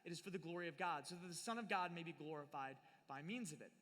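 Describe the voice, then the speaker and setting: Bright, playful man preaching in a hall. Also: a little high, fast talker. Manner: playful, acts out the people in the story. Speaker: youth speaker. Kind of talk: live sermon on scripture. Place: large hall at a live event. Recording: live hall with long reverb.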